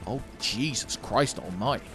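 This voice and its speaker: A man riffs through a video game session, swearing freely and bursting into loud shouts. His pitch swoops all over the place. Game music plays clearly behind him. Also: lively intonation, moderate pace. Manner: profane, jokey, rambling, bursts into loud exclamations. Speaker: let's play commentator. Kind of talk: casual gameplay commentary.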